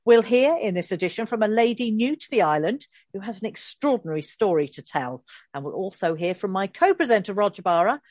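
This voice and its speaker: A woman's voice: mid-range voice, no echo, studio quality. Breezy woman podcast host. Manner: bright and breezy, uses fillers. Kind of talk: casual chat.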